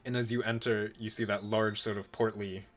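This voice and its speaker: A young adult man narrating a tabletop game as game master, in a relaxed, rambling way. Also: fairly low pitch, normal speed.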